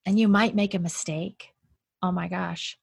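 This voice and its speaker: A woman's voice: on the low side, steady tone, measured pace, gravelly, husky, no room sound. A woman in casual conversation, talking freely and laughing often, with a lot of "like" in her speech. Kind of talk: casual chat.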